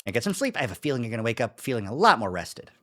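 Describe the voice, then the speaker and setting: A streamer voicing a smooth-talking AI companion who flatters the player, calls them darling and pushes paid upgrades, reading game dialogue aloud. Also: mid-range voice, very fast, heavy background noise, close to an everyday voice. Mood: coaxing.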